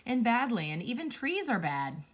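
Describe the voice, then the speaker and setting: A woman reading a children's picture book aloud, telling it with playful, expressive storytelling. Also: a little high, a little slow, slight background noise. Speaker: storybook reader.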